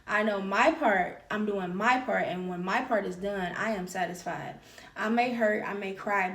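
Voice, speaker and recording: Woman podcast host, candid personal monologue, emphatic with repetition, mid pitch, roomy echo, a little off-mic. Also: distant mic.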